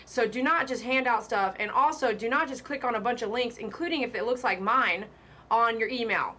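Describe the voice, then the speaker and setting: A woman's voice: fairly high pitch, normal speed, pushed and bright. A woman who works as a pet groomer, hosting a live stream in a casual, emphatic way and repeating her warnings with chatty asides.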